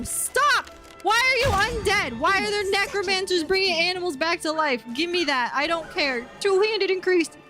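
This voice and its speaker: A woman streaming a game, chatting casually and excitably, yelping and laughing as she plays. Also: very high voice. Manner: chatty and excitable, yelps and laughs while playing. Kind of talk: casual gaming commentary.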